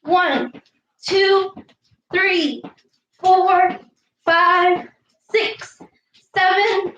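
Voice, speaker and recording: A woman coaching young girls through an online warm-up and lesson, counting aloud in an upbeat way and calling herself by name in the third person. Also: extremely high pitch, steady tone, drawn-out words, muffled recording. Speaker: youth sports coach. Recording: echoey room.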